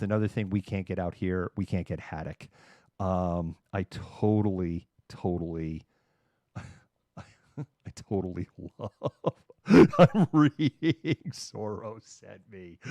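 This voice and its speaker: A man's voice: deep voice, darkish tone, dry recording, studio quality. A middle-aged man from Massachusetts, hosting a livestream in casual, sarcastic chat. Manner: chatty, sarcastic, acts out quoted people. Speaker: livestream host. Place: home room.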